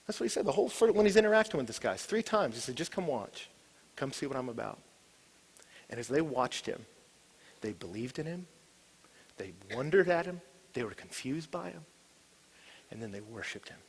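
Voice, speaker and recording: A man preaching a sermon, animated and storytelling, who swings from loud excited bursts to hushed, intense low passages. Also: fairly quick, long pauses, slightly rough.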